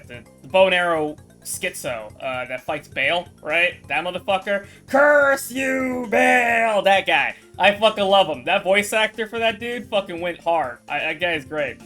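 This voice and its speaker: A woman's voice: low-pitched, a bit bright. A woman streamer in casual chat with her viewers, swearing, rambling and laughing often.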